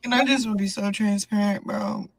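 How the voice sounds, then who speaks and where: A woman boxer talking softly and reflectively in a tearful, emotional pre-fight vlog, recorded close on a phone. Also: medium pitch, vocal fry, no echo. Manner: soft, slow, reflective and emotional.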